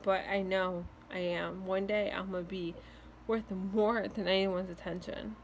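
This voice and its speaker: A woman's voice: medium pitch, level tone, a little slow, slight background noise. A young woman vlogging casual, earnest breakup advice, reassuring and full of "like" fillers, with hiccups now and then. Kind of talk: casual heartfelt advice to camera.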